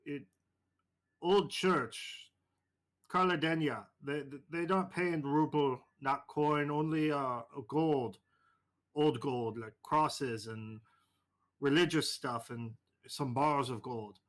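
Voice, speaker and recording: A man's voice: on the high side, slow pace, a bit bright. A man voicing a nervous captive arms broker who speaks in broken, clipped English.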